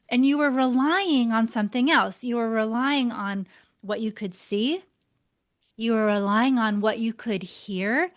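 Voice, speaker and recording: A woman teaching a lesson to camera, expressive, shifting her tone and pace for emphasis as she gestures. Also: on the high side. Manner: gestures deliberately while talking. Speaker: body language instructor.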